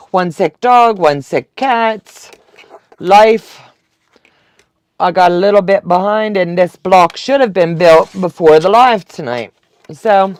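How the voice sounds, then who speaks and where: A woman's voice: on the low side, a little mellow, no echo. A woman, chatting and laughing as she teaches a quilting live stream. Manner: chatty, laughs often, talks to viewers. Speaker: quilting instructor. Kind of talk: casual live-stream tutorial.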